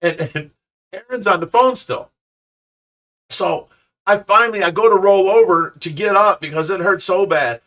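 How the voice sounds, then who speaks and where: A man hosting a show, telling a story in casual chat, animated and restarting his sentences often. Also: sits high, moderate pace. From Ohio, USA. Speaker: show host. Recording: voice a bit far from the mic.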